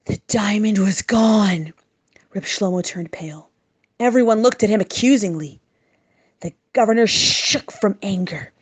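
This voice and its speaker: A woman reading a children's story aloud in an expressive, dramatic way. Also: medium pitch, normal speed, breathy edge.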